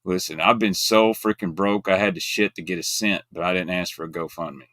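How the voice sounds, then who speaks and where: A lowish-voiced man talks bluntly in casual, folksy chat. His delivery comes in quick bursts, and the sound is dry and close. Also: steady tone, fairly bright tone, dry recording. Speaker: guest co-host.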